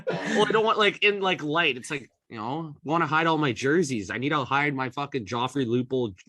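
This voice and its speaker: A man's voice: fairly high pitch, lively intonation, normal speed, bright, forceful tone, no echo, studio quality. A man co-hosting a sports podcast, ranting bluntly and swearing a lot. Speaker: podcast co-host. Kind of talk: casual sports chat.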